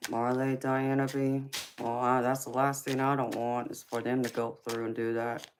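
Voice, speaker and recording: A woman's voice: extremely low pitch, little pitch movement, normal speed, slight background noise. A woman hosting a tarot live stream, chatting casually with viewers, often teasing and calling them honey, baby and sweetheart.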